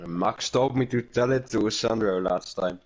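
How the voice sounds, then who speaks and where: A man's voice: on the low side, unhurried. A young man in casual gaming voice chat, laid-back and joking. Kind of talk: casual voice chat during an online race.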